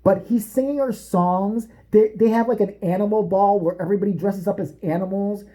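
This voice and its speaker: A woman's voice: medium pitch, brisk. A woman vlogger delivering a profane, sarcastic comedic rant, jumping from topic to topic. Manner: foul-mouthed, animated, sarcastic, jumps between topics.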